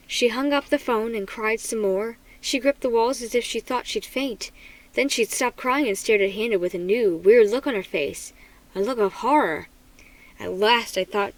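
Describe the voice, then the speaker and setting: A woman reading a children's horror book aloud in an expressive, dramatic manner. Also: a little high, moderate pace, rough recording. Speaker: storybook reader.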